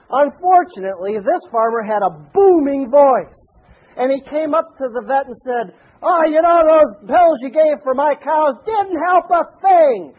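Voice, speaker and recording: A man preaching a sermon, telling stories animatedly and swinging between loud and hushed delivery. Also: high voice, husky, narrow, tinny audio. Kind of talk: sermon with storytelling.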